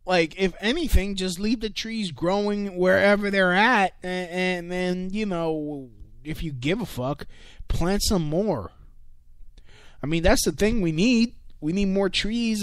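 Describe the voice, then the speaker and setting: A man's voice: high voice, unhurried, clear, resonant tone, dry recording, studio quality. A man hosting a casual online radio show, ranting with a lot of swearing, stumbles and filler words. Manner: profane, rambling, many fillers and restarts. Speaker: podcast host. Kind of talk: casual comedic rant.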